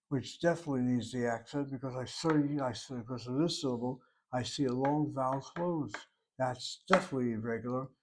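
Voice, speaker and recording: A man's voice: mid-range voice, a little mellow. A man teaching a recorded language lesson, working through each word aloud, step by step and methodically. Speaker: Hebrew teacher.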